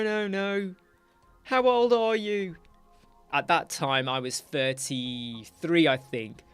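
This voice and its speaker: A man's voice: medium pitch, a bit bright. A man, chatting casually on a livestream while he works, ranting about clients. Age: 40s. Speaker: web designer livestream host.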